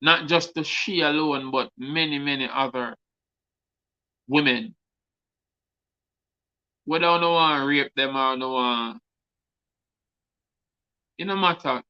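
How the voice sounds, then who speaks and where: A man's voice: mid-range voice, slow, pauses often, clean tone, no echo, highs cut off. A man with a Jamaican accent, a guest artist speaking earnestly on a talk show and repeating words for emphasis.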